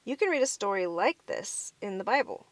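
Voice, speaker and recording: A woman reading a children's picture book aloud in a clear, expressive way. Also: medium pitch, moderate pace. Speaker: storybook reader.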